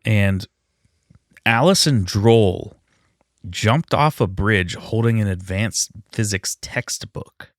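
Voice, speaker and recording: A man hosting an improvised comedy podcast, with a deadpan, mocking delivery. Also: on the low side, slow, no room sound, studio quality. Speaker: podcast host.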